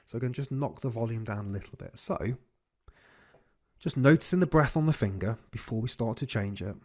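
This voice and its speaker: A man leading a guided breathing class on a video call, giving slow, soothing cues. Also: medium pitch. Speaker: breathwork coach.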